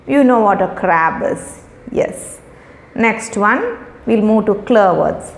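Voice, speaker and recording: A woman's voice: mid-range voice, very animated, slow. A middle-aged woman teacher, patiently sounding out and explaining words for young children. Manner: patient, repeats and explains each word. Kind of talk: recorded lesson for young children. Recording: echoey room.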